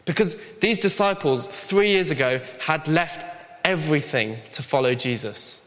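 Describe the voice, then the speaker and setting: A man's voice: fairly high pitch, unhurried, fairly bright tone. A young man preaching a sermon in an earnest, conversational way with light humor. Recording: long hall reverb.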